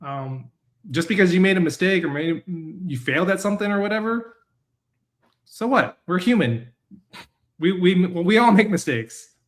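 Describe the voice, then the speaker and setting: A man's voice: high-pitched, lively intonation, moderate pace. A man being interviewed as a guest, speaking earnestly and encouragingly. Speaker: guest, resilience coach. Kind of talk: interview conversation.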